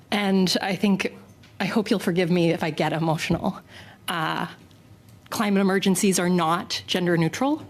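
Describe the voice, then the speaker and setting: A woman making formal remarks at a committee, her voice slightly low for a woman. She speaks earnestly and emotionally, halting often with pauses and filler sounds.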